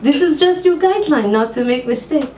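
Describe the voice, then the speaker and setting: A woman's voice: high-pitched, expressive, brisk, dark tone, voice pushed up. A woman voicing a brusque older female psychic with a put-on Hebrew accent and clipped broken grammar. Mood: stern. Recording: echoey room, far mic, faint hum.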